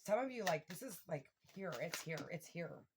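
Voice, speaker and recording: Woman, tarot reader, casual and excitable, curses a lot, talks right at the viewers. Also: lowish voice, moderate pace, noisy background. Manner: excitable, swears freely, addresses viewers directly. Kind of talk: casual tarot reading to camera.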